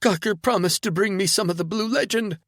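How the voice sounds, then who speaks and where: A man voicing a frantic young woman spy who is high on pills, squeaky and wheezing in an audiobook. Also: a little fast, fairly bright tone, no echo, clean studio sound. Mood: hysterical.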